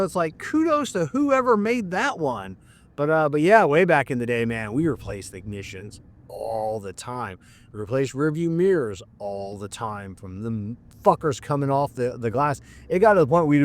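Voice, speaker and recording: A man's voice: mid-range voice, no echo. A middle-aged man who works as a mechanic, hosting a podcast in a casual monologue and ranting bluntly with lots of swearing.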